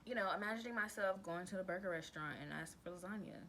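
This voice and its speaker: A woman's voice: mid-range voice, very fast, bright, forceful tone, slight background noise, rough recording. A woman vlogger talking casually to camera, giving advice in a chatty, emphatic way and calling the viewer girl and babe. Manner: glances down at written notes.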